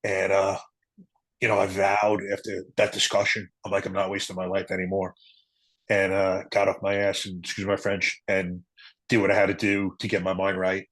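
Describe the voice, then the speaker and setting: A middle-aged man, a retired police officer, earnestly telling a personal story in an interview, halting and emotional at times. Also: sits low, monotone, fairly bright tone, no echo, poor audio.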